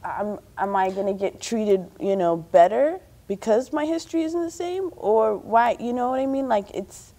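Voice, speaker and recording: Reflective woman with a mellow British accent. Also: fairly high pitch, moderate pace, few pauses. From Somalia. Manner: reflective storytelling, animated when quoting others. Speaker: panel speaker. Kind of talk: community panel discussion.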